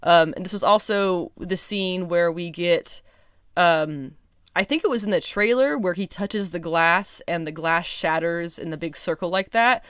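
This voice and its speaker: A woman hosting a casual solo review podcast, chatty and sarcastic, laughing often and filling pauses with ums. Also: fairly low pitch, a bit bright, clear, resonant tone, no echo, studio quality. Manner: chatty, lots of ums and restarts. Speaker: podcast host.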